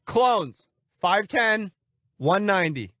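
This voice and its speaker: A man's voice: high voice, sing-song, slow, sharp tone, no room sound. A man guest-hosting a sports talk radio show, brash and mocking as he fires insults back at a caller from the studio.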